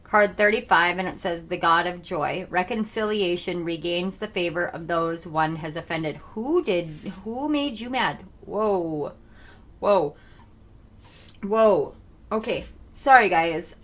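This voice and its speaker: A young woman giving a channeled tarot reading to her viewers, talking fast, intense and earnest. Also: fairly low pitch, fairly bright tone. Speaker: tarot reader.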